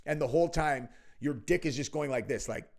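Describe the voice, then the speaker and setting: A man's voice: a little high, brisk, vocal fry. A young man riffs through crude political commentary in a brash, mocking tone, full of profanity and casual "dude"s. He sounds like a host talking straight to his regular viewers. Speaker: show host.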